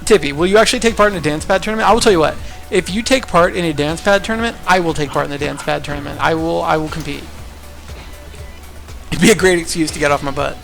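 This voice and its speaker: Gravelly, goofy livestream commentator man. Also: on the high side, fast, a bit bright, soft background music. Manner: goofy, jokey, rambling. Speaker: tournament commentator.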